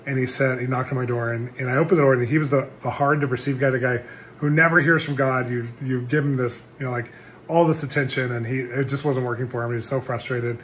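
A middle-aged male pastor telling a personal testimony in an earnest, animated storytelling way. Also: mid-range voice, quick pace, slight background noise. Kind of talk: testimony sermon.

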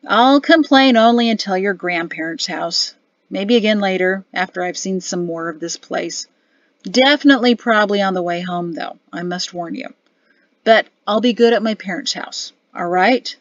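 A woman's voice: mid-range voice, moderate pace, no room sound, muffled recording, lightly acted. A woman reading an audiobook, voicing a grumbling middle-aged army officer father with a sulky, sardonic manner.

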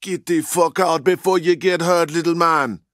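An actor playing a young street gang thug who mocks and threatens. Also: male voice, a little high, fairly even intonation, normal speed, a bit bright, no echo, studio quality, soft background music, natural voice. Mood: sneering. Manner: sneering and mocking.

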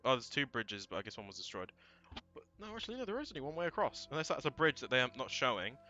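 Bright-voiced man swearing through gameplay. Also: medium pitch, big pitch swings, quick pace, muffled recording. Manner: thinks aloud, swears and shouts when frustrated. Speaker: let's play gamer. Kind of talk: casual gameplay commentary.

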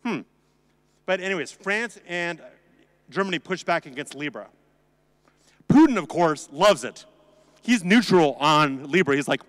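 A man's voice: a little high, animated, unhurried, long pauses, a bit bright. A man giving a conference talk in a sarcastic, joking, conversational way, with a long hall reverb on the recording. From United States. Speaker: conference speaker.

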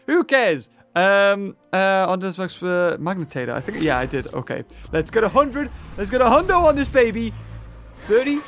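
A young man chatting casually through a mobile dinosaur game, excitable and rambling with lots of fillers. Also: high voice, normal speed. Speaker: gaming YouTuber.

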